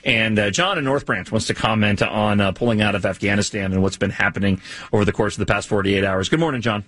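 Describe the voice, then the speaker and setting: A man co-hosting a talk radio show banters casually, rambling with many fillers and restarts and laughing easily. His voice is lowish and a bit bright, his pace quick, and the recording dry.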